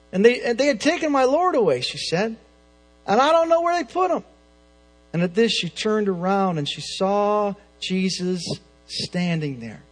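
A man preaching a sermon, swinging between loud emphatic lines and soft hushed phrases. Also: high voice.

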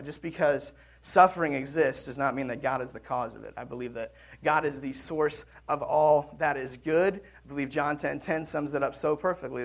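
A man preaching a sermon in a conversational way, swinging between loud emphasis and quiet, hushed drops. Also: mid-range voice, vocal fry. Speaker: pastor.

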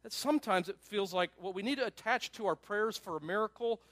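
A man pastor preaching a sermon in an animated, conversational way, with asides to his listeners. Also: sits high, fairly quick, no echo.

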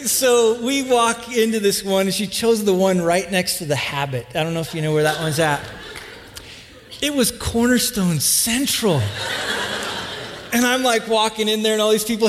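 A pastor in his thirties with a high voice tells a humorous story from the pulpit. He chats easily and acts out his family's lines. His voice rings with the long reverb of a church hall. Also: a little slow, slight background noise. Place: church hall with live audience.

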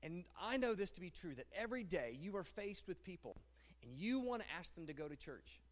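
A married man preaching a sermon as pastor, animated and rhetorical, often repeating phrases. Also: high voice, fairly quick. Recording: long hall reverb.

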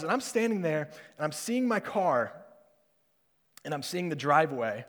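A young man preaches in a loose, storytelling way, chuckling often and filling pauses with ums and uhs. His voice sits a bit high for a man, and a long reverb trails each phrase as if he is in a big hall. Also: expressive, a bit bright. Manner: conversational storytelling, laughing often, many fillers. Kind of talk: sermon with a personal story.

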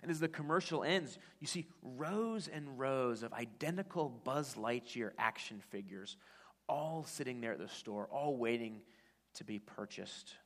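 Male pastor, mid pitch, conversational sermon storytelling, long hall reverb. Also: lively intonation, unhurried. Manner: conversational storytelling, frequent restarts.

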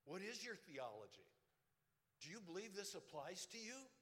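A man preaching a sermon with emphasis, slowing down to read scripture aloud and putting rhetorical questions to his listeners. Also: high voice, sing-song, fairly bright tone, in a large hall.

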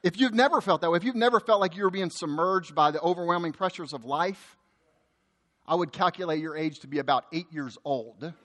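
Pastor guy preaching in a big echoey church, bright punchy voice, cracks jokes, stumbles over words a lot. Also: fairly high pitch, fairly quick. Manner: lively preaching with joking asides and frequent word repeats. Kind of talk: sermon. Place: church sanctuary.

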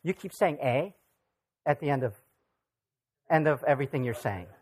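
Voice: mid-range voice, expressive, brisk, darkish tone, slightly rough. Conversational pastor preaching a sermon. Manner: conversational, asks the audience rhetorical questions.

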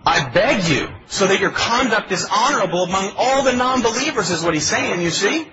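A man's voice: high-pitched, expressive, brisk, few pauses, dull audio, heavy background noise. A male pastor preaching a sermon in a pleading, emphatic way, asking his congregation questions. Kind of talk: expository sermon.

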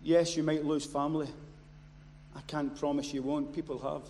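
Impassioned preacher in echoing hall. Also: male voice, a little high, level tone, moderate pace. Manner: builds from quiet storytelling to loud impassioned shouting. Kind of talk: sermon. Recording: long hall reverb, faint noise.

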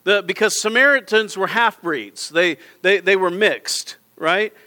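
A middle-aged pastor with a high-pitched, sharp voice preaches a little slowly in a church auditorium. His sermon is impassioned, repeating its appeals directly to the congregation.

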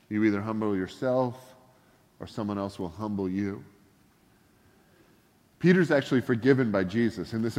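A man preaching a sermon, telling stories with lively voiced quotes. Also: fairly low pitch, long reverb tail. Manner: animated storytelling with voiced quotes. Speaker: pastor.

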